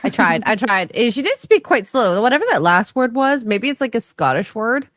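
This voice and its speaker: A woman's voice: a little high, very animated, a little fast, fairly bright tone, no echo, clean studio sound. A woman co-hosting a livestream, playfully telling stories in casual chat. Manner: playful, storytelling. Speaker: livestream co-host.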